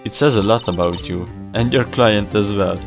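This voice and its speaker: A man voicing a composed woman lawyer who mentors, speaking calmly and measured. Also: on the low side, music in the background, natural voice.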